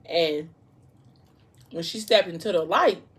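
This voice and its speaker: A woman with a somewhat low voice chats over a meal in the style of a casual vlog. She retells a story in an animated way and throws in playful asides. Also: slow. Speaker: vlogger. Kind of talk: casual storytelling during a mukbang.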